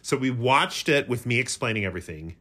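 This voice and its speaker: Animated, rambling male podcast host. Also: mid-range voice, a little fast. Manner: rambling, animated, self-mocking storyteller. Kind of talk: casual chat.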